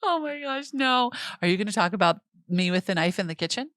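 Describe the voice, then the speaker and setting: A woman's voice: mid-range voice, animated, fairly quick, a bit bright, no room sound, studio quality. A woman in her fifties co-hosting a podcast in casual chat, laughing often and finishing her husband's sentences. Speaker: podcast co-host.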